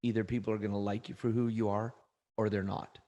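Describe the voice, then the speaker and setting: A middle-aged man from Canada, a trainer telling energetic motivational stories as an interview guest, often restarting phrases. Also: lowish voice, quick pace, lo-fi sound. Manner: energetic, anecdotal, frequent restarts. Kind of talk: motivational storytelling.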